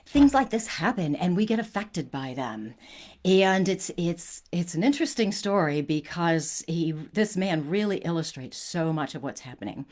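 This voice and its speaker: A woman's voice: fairly low pitch, expressive, normal speed, darkish tone. A woman hosting a spiritual talk, telling a personal story in an earnest, conversational way with frequent restarts.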